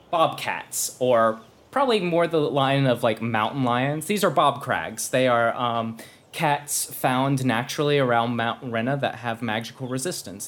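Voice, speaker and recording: A man narrating a tabletop game as game master, casual and self-correcting, laughing now and then. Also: mid-range voice.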